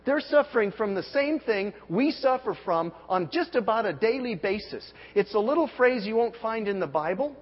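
A man in his forties preaches with fervor, his fairly high voice leaping up and dropping low as he pushes rhetorical questions at the congregation. The recording is muffled, with a long reverb tail from a large hall and a faint hum underneath. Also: animated, moderate pace, few pauses, slightly rough. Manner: emphatic preaching with sharp swings in pitch and volume, rhetorical questions. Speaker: pastor. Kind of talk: sermon.

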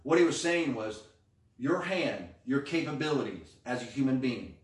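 A man preaches with energy, swinging between hushed asides and sudden emphatic bursts as he acts out quotes. His voice sits at a middling pitch and is heard from some distance in an echoey church room. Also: lively intonation, normal speed. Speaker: pastor. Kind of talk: sermon.

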